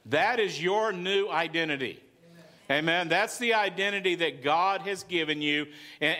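A male pastor with a Southern US accent preaches in an energetic, conversational way, punctuating his points with "amen." His voice sits high for a man and has a bright, forceful edge. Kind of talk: sermon. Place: church sanctuary.

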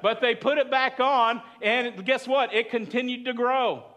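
A man's voice: very high-pitched, a little slow, a bit bright. A man preaching a sermon as pastor, chatty and asking the congregation questions. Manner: conversational, asks the congregation questions.

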